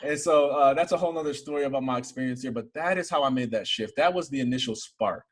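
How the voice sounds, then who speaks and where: Young guy from michigan telling his story in an interview, kinda husky voice, earnest, gets fired up. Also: medium pitch, fast. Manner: earnest storytelling, rising to excited emphasis. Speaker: interview guest. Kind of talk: personal testimony in an interview.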